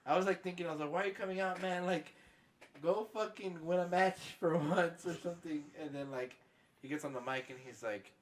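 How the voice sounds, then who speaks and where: A man's voice: on the high side, fairly quick, slight background noise. A man co-hosting a wrestling podcast in casual chat, laid-back and swearing as he retells what he watched. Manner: laid-back, swears often, retells scenes with quoted asides. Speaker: podcast co-host.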